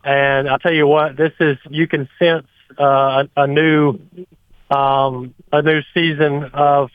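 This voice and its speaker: A man's voice: a little high, level tone, slow pace, clear, resonant tone, no room sound. Man on a tinny phone line. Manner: hesitant, many fillers. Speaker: radio co-host reporting on location. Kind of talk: live remote call-in report. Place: inside a busy restaurant.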